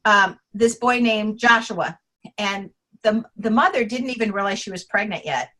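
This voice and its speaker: A woman interview guest, an author on names, telling anecdotes in a lively way, acting out the quotes and laughing often. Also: medium pitch, moderate pace, rough recording. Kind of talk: casual storytelling interview.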